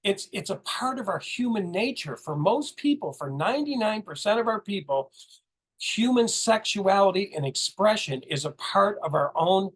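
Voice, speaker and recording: A man's voice: sits high, animated, moderate pace, slightly rough. A man co-hosting a casual chat, telling stories animatedly, repeating words and acting out what people said. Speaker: co-host.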